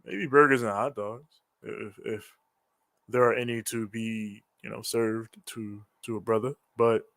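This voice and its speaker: Animated, swearing man on a dry mic. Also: on the low side, a little slow, vocal fry, no echo. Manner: animated, swears freely, rambling, laughs often. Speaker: co-host of a wrestling reaction show. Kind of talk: casual live-stream chat.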